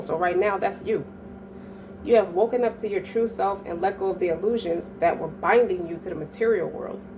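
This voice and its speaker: Brief: woman reader, blunt and profane, talks from a distance from the mic over light room noise. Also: fairly low pitch. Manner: profane, emphatic, keeps asking "you dig?". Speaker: astrology reader. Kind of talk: casual monologue reading.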